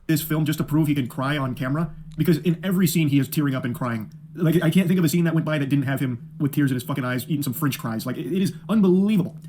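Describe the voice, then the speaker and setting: A man's voice: fairly high pitch, fast, few pauses, darkish tone, slight background noise. A man reviewing a film in an exasperated, profane, sarcastic rant. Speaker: film critic.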